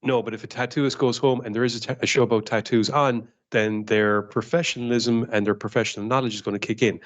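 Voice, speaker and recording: A man's voice: medium pitch, fairly even intonation, fast. Blunt storytelling man on a podcast. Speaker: podcast co-host. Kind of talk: casual group chat.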